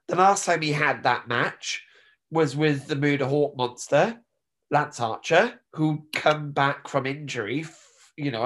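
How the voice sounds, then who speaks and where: A man in his thirties from the UK, hoarse from pollen, co-hosting a podcast in jokey, rambling casual chat. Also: medium pitch. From United Kingdom. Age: 30s. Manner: jokey, rambling wrestling fan. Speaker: podcast co-host.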